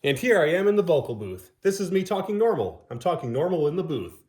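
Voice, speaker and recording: A man's voice: fairly high pitch, big pitch swings, fast talker, hardly any pauses, a little mellow. A man running a sound test indoors, repeating plain, matter-of-fact test phrases, recorded from a distance. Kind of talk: casual on-location test talk. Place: indoor rooms around a house. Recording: echoey room audio from a distance.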